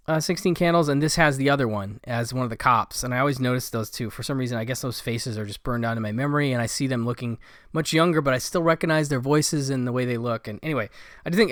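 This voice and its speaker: Rambly guy reviewing movies on his channel, smooth clear voice, dry close mic. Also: mid-range voice, fairly bright tone, no room sound. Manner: rambling, with many fillers and asides. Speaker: film collector reviewing a Blu-ray set. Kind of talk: casual video review.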